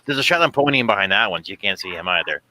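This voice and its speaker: A man's voice: lowish voice, expressive, rapid-fire, noisy background. A man co-hosting a live stream, teasing his friends and jumping in with jokes. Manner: playful teasing, jumps in with jokes. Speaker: co-host. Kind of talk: casual live-stream chat.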